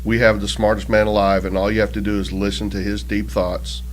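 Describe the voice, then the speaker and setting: A man's voice: lowish voice, little pitch movement, brisk, a little hiss or hum. A man hosting a sports talk show, introducing segments in a playful, theatrical way. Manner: jokey, theatrical. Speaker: show host.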